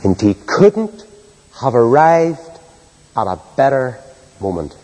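A man preaching a sermon with great passion, soaring to loud high peaks and then dropping low and quiet, and putting questions to his listeners. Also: big pitch swings, slow, big-room sound, rough recording. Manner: rhetorical questions to the congregation.

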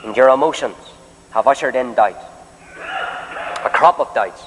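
A man preaching a sermon in a meeting hall, swinging between loud, drawn-out declarations and soft, pleading questions aimed straight at the listeners. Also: medium pitch, a little hiss or hum. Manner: addresses listeners directly with questions. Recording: long hall reverb.

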